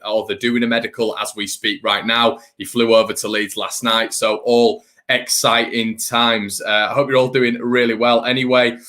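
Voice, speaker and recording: A man's voice: medium pitch, bright, forceful tone. A young man hosting a fan channel live stream, chatting casually and rambling, greeting viewers by name.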